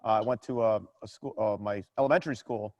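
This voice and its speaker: A man co-hosting a podcast, chatting in a relaxed, conversational way. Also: on the low side, quick pace. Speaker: podcast co-host. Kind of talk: casual chat.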